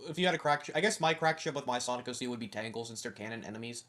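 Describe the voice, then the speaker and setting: A man's voice: mid-range voice, a bit bright. A teenage man hosting a casual podcast, moving the conversation between questions. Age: teens. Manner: moves the questions along, quick laughs. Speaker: podcast host.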